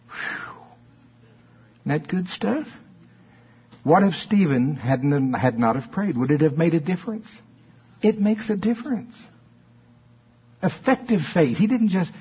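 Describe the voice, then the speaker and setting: Husky preacher, lo-fi sermon. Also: male voice, on the high side. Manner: preaching with rising emphatic questions and folksy asides. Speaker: pastor. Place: church.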